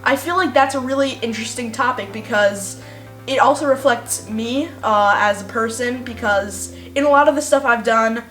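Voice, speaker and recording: Thoughtful woman writer, fairly high voice. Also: normal speed, fairly bright tone. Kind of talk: behind-the-scenes interview. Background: faint music.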